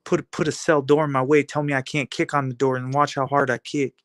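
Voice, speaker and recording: A man's voice: medium pitch, flat delivery, a little fast, no room sound. A man giving a defiant, taunting monologue full of rhetorical questions and repeated phrases. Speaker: video blogger.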